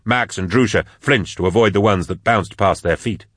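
A low-voiced man narrates an action audiobook steadily and dramatically at normal speed, his sound a bit bright. The recording is dry, close, and echo-free, made in a studio booth.

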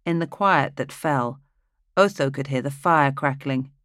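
Audiobook narrator, steady even delivery, close dry recording. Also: mid-range voice, a little slow, dry recording.

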